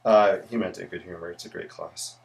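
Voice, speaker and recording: Gravelly-voiced chatty man sketching live. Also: low voice, fairly even intonation, fairly quick, a little hiss or hum. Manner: chatty, greets viewers, rambling asides. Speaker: livestream host and architect. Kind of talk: casual livestream chat while sketching.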